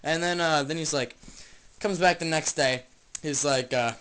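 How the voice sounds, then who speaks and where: A young man ranting off the top of his head in a rambling, jokey way, swinging from mumbles to yells. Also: fairly high pitch, measured pace, slight background noise, rough recording. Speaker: vlogger. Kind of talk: improvised comic rant.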